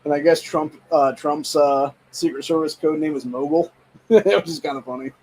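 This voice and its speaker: A man's voice: on the high side, normal speed, gravelly, a little mellow, breathy edge, rough recording. A young man from Ohio hosting a political podcast, reading headlines aloud and reacting with heated, profane rants. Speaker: podcast host. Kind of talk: casual political commentary.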